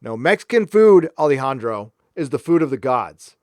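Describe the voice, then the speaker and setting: A man's voice: mid-range voice, sing-song, moderate pace, darkish tone, no echo, clean studio sound. A man from San Diego hosting a live stream, talking frankly and rambling as he reads out viewer comments. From San Diego, California. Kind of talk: casual live stream chat.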